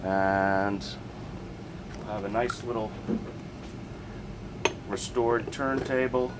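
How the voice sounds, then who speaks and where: A man casually narrating a hands-on turntable repair in a relaxed, plainspoken way while he works in a home workshop. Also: fairly low pitch, very slow, heavy background noise. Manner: relaxed, plainspoken, working as he talks. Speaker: hobbyist restoring a turntable.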